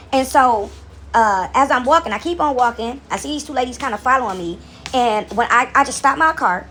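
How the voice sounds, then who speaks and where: A woman talks quickly, in a slightly high voice, as she tells a rambling story from her couch at home. She often repeats words and restarts, and checks in with "right?" A faint hum of room noise sits under her voice. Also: a bit bright. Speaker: vlogger. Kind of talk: casual storytelling to camera.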